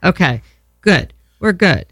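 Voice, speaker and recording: A woman's voice: fairly low pitch, big pitch swings, takes it slowly, breathy edge, dry recording. A woman, hosting a casual talk show in a brash, rambling way, swearing freely. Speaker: podcast host.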